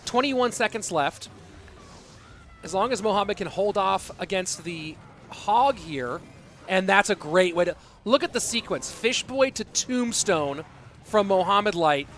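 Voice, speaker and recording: A man casting a live esports match, with excitable play-by-play and rambling asides. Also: high-pitched, a little hiss or hum. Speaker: esports caster. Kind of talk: live game commentary.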